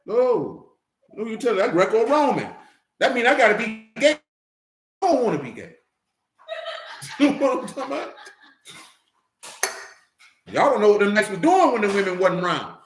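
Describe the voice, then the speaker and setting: A man's voice: sits high, very animated, normal speed, pauses often. A man preaching in a casual, blunt way, with profanity and jokes mixed into his teaching. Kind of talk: casual sermon-style teaching. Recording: roomy echo.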